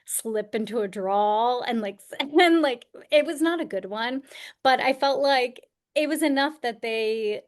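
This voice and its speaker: A talkative woman from upstate New York chats as a podcast guest, her voice sitting a little on the high side. She tells her stories in an animated, rambling way, speaking over a video call. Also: measured pace. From Poughkeepsie, New York. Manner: chatty, animated storyteller. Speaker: podcast guest, career coach and actor. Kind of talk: casual interview chat.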